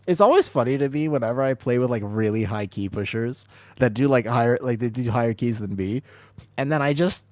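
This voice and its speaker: A man streaming an online game as a healer, rambling excitably through casual commentary, swearing freely and laughing often. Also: medium pitch, fairly quick, dry recording. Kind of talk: casual live gameplay commentary.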